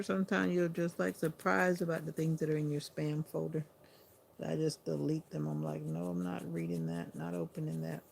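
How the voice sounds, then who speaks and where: A sleepy woman hosting a livestream, chatting to viewers in an unhurried, casual way. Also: low-pitched, gravelly, a little mellow, slight background noise. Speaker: livestream host.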